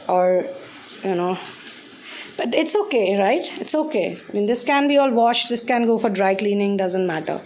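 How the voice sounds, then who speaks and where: A woman's voice: fairly high pitch, a little hiss or hum. A woman, telling a spiritual story in a conversational way at home. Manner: warm, conversational, chatty storytelling. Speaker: spiritual counselor and channel host.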